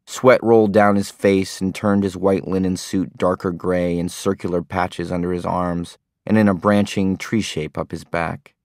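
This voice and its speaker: Deep-voiced male audiobook narrator. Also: level tone, moderate pace, hardly any pauses, dry recording, studio quality. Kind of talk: scripted narration.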